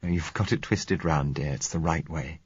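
A man's voice: very deep voice, normal speed, slightly rough, no room sound, muffled recording. A man playing a tender, soothing young man. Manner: soft, soothing.

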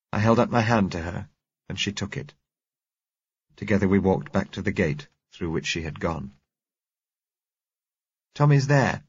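A man reading a novel aloud in measured, grave first-person narration. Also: low voice, husky, no room sound, dull audio. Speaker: audiobook narrator.

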